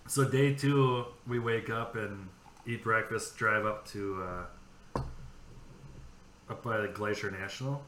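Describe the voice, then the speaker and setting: A man from California co-hosts a loose podcast chat, spinning rambling stories and swearing freely. His voice is bright and forward. He is recorded in an echoey room with faint background noise. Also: fairly low pitch, steady tone, slow, pauses often. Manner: rambling storyteller, swears freely, acts out dialogue. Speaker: podcast co-host. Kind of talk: casual chat.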